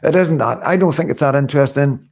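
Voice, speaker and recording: A man's voice: a little high, fast talker, creaky, a little mellow. A man hosting a live stream, chatting casually and earnestly to his viewers, rambling, repeating himself, swearing in passing and answering their comments. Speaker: livestream host.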